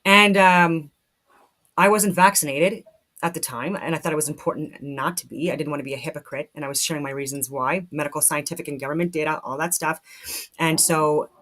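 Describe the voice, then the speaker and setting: A woman's voice: deep voice, fairly even intonation, a little fast, a bit bright. A woman from Canada giving casual spoken commentary, talking animatedly with frequent restarts and free swearing.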